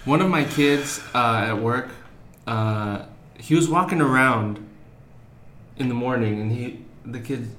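A man's voice: mid-range voice, unhurried, slight background noise. A man, a teacher of young children, chatting casually as a podcast co-host and telling anecdotes with swearing and acted-out voices. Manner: animated storyteller, acts out voices in anecdotes. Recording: echoey room with faint ambience.

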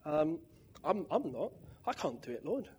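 A man preaches in a loose, conversational way, often tagging "right?" onto his points. His voice sits fairly high and husky, and he pushes hard on key words. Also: measured pace. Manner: chatty, keeps asking "right?", restarts words, lively bursts of emphasis. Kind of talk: conversational sermon.

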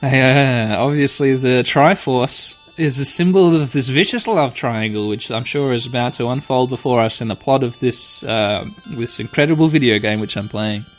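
A young man playing a video game, playfully and excitably narrating what happens and reading the text aloud. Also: mid-range voice, moderate pace, few pauses. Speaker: game player. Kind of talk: let's play commentary. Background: faint game music.

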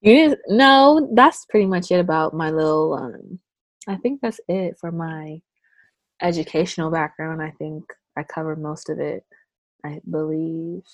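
A young woman chatting casually as an interviewee, telling lively stories and acting out what people said to her. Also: measured pace, no room sound. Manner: animated storyteller who acts out quotes with big pitch jumps. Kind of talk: casual conversation.

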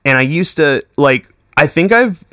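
A man's voice: on the high side, lively intonation, a little slow, sharp tone, clear, resonant tone, no room sound, clean studio sound. A young man, chatting casually as a podcast guest, full of swearing, "like" and "dude". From Texas. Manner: swears constantly, says "like" and "dude" a lot. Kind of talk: casual chat.

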